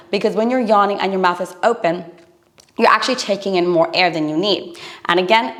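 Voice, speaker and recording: An earnest woman coaching listeners through breathing habits. She speaks at a middle pitch with an encouraging, instructive tone, as if talking straight to camera.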